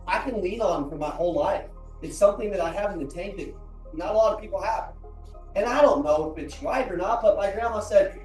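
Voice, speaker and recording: High-voiced man, earnest, roomy distant sound. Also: a little mellow. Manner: earnest, repeats lines for emphasis. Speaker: motivational speaker. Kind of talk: emotional motivational storytelling. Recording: roomy, from a distance, faint music.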